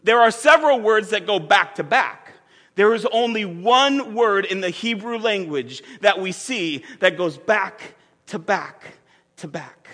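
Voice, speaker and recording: A man preaching a sermon, emphatic and repeating words for stress, building at times to near-shouts, in a church with a band. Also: high voice, expressive, unhurried. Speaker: pastor. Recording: long reverb of a large hall.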